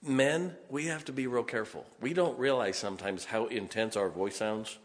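Middle-aged male preacher, folksy storyteller, medium pitch, reverberant church hall. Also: normal speed. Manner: folksy storyteller, laughs often. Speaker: pastor. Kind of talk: sermon with personal stories.

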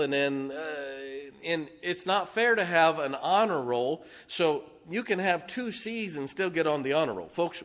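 A drawling male preacher gives a sermon in a forceful voice, slightly higher than typical and bright at the edges. His delivery is folksy and emphatic, with jokes dropped in between points.

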